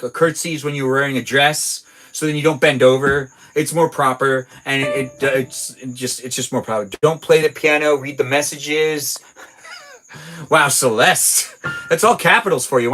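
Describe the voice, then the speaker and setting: A man's voice: medium pitch, moderate pace, a bit bright, faint music behind, poor audio. A man hosting a casual livestream from his garage, chatting in a rambling, playful way as he answers viewer messages aloud. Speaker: livestream host reading viewer chat. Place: home garage.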